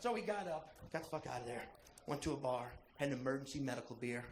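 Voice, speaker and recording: A man doing stand-up, telling a crude, animated story and shouting the punchlines. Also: medium pitch, fast talker. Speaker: stand-up comedian. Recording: echoey room, faint background noise.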